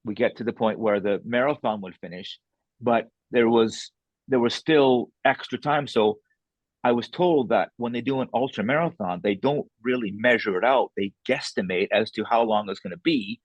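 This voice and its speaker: A man with a husky, slightly raspy voice shares a story in a relaxed interview, candid and self-mocking. The sound is dry and close, with a dull, lo-fi edge to the recording. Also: medium pitch, normal speed, dry recording. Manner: animated, candid, self-deprecating. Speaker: author guest.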